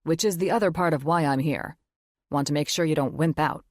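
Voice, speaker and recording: A woman voicing a blunt, teasing older father who booms and talks crude. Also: a little fast, darkish tone, no room sound, studio quality. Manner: booming, crude, wisecracking.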